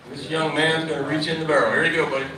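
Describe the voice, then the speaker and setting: A man's voice: a little high, little pitch movement, rapid-fire. A man emceeing a live event, rattling off prize details in a salesy way. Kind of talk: live promotional announcing. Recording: echoey, distant mic, background noise.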